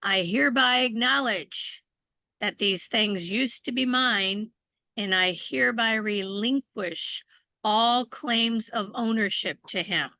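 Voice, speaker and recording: A woman co-leading a faith course, reading a covenant aloud and encouraging listeners in a slow, deliberate way. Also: a little high, sharp tone, no room sound, muffled recording. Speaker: ministry co-teacher.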